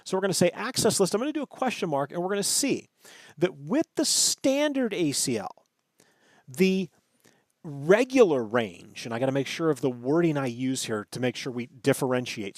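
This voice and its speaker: Brief animated male lecturer who checks himself and leans on key words, close dry mic. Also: fairly high pitch, no room sound. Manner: thinks aloud, self-correcting, stresses terms, asks "right?". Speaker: networking instructor. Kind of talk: screen-recorded lecture.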